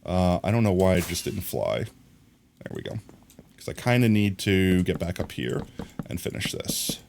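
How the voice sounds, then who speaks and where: A deep, gravelly, slightly mellow voice, expressive and at normal speed, belongs to a man casually streaming a block-building game. He greets viewers, reads and replies to chat while building, and hums "bam bam"; a little hiss or hum is present.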